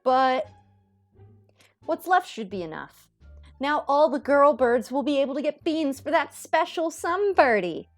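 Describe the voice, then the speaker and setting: A woman's voice: high voice, expressive, measured pace, faint music behind. Woman streamer with a strained voice. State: strained, sore voice. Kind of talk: casual game playthrough narration.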